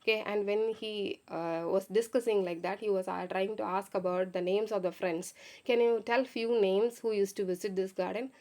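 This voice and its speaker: Woman, teacher, lesson explanation, mid-pitched voice, filler-heavy retelling. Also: steady tone, normal speed, darkish tone. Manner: retells the story in paraphrase with frequent fillers and "okay".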